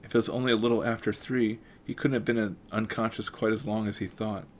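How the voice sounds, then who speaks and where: A man with a lowish voice reads a mystery novel aloud. He keeps a steady pace but stumbles and corrects himself now and then, breaking off for relaxed comments of his own. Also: quick pace, slight background noise. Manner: steady reading with occasional stumbles and self-corrections. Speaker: audiobook reader. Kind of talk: reading a novel aloud with casual asides.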